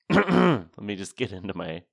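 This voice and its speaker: A man with a very low voice and a dry, teasing wit chats casually as a podcast co-host. His tone has a gravelly edge, and the recording is close and dry with no room sound. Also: very animated, takes it slowly, fairly bright tone, no echo. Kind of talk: casual chat about a film.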